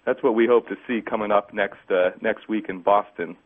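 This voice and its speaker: A man, a guest on a political talk radio show, speaking haltingly with many restarts and fillers. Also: fairly low pitch, fairly even intonation. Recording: phone-like narrow band radio sound.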